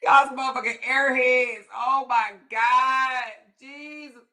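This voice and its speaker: A woman hosts a casual commentary talk, full of sass, profanity and mocking laughs. Her voice sits a little high and rings bright and forceful. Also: steady tone, takes it slowly. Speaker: commentary host.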